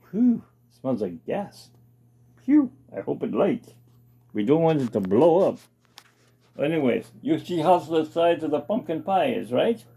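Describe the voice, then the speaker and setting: A man's voice: a little high, darkish tone, breathy edge. A man hosting his own casual cooking demonstration in a home kitchen, chatting and reading package steps aloud with comments. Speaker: home cooking show host.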